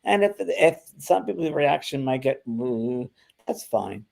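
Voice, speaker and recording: An older man talking casually as co-host of a spiritual show, with a gravelly edge to his mid-range voice. He is animated and slips into little acted-out dialogues as he goes. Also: mid-range voice, unhurried. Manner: animated, acts out quoted exchanges in lively voices. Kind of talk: casual conversational chat.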